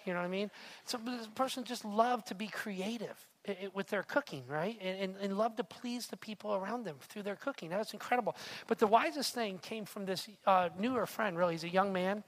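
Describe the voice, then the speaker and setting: Speaking somewhat quickly in a high voice, this middle-aged male pastor delivers a sermon like a casual story. He repeats himself and keeps asking "right?" to check in with listeners.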